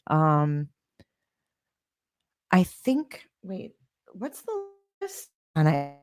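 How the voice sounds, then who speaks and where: A woman with a lowish voice that swings up and down a lot, hosting a casual livestream and replying to viewers. She talks in a sarcastic, defensive way, and her voice sounds dry and close with no room echo. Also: expressive, unhurried. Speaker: livestream host. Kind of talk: casual livestream chat reading comments.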